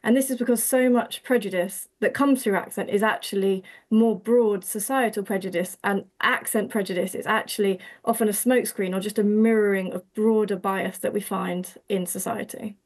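A woman's voice: mid-range voice, steady tone, normal speed, hardly any pauses. Woman with an Essex accent explaining research. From Essex, England. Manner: articulate, explanatory. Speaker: sociolinguistics academic guest. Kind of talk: interview answers.

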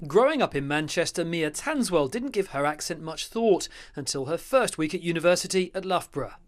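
A man narrating a scripted news report in a steady, even way. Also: fairly high pitch, brisk.

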